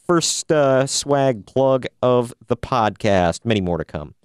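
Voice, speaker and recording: A man's voice: medium pitch, animated, slow, darkish tone, clean tone, dry recording, studio quality. A man hosting a casual wrestling news podcast, wry and opinionated, often laughing at his own jokes. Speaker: podcast host.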